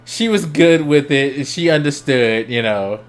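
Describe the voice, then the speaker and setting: A young adult man streaming, telling a story casually, swearing freely and laughing as he goes, his voice jumping up when he gets excited. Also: on the high side, a little slow. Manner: laughs between lines.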